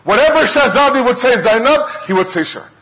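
An impassioned male preacher retells a sacred story with dramatic repetition. His voice sits high and rings bright and forward. He builds each scene with fervour. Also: lively intonation, brisk, slight background noise, poor audio. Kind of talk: emotional storytelling sermon.

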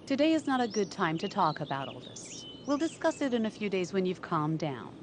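An actress playing a composed adoptive mother who speaks in a measured, firm and reasoning way in a dubbed drama. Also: mid-range voice, very animated, background noise, lightly acted. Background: background music.

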